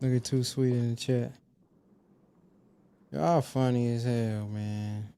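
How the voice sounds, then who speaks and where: A man's voice: mid-range voice, slow, smooth. A man hosting a live online panel who jokes with the guests and the chat in a casual way. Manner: lively, teasing, joking with the chat and guests.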